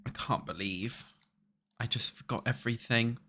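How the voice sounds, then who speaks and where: A young man with a British accent talks loosely to his viewers as he plays, rambling and cursing between tasks. His voice is bright and sits at an ordinary middle pitch, close on a desk mic. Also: fairly even intonation, moderate pace. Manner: chatty, swears freely, talks to chat. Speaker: streamer. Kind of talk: casual chat while playing a building game.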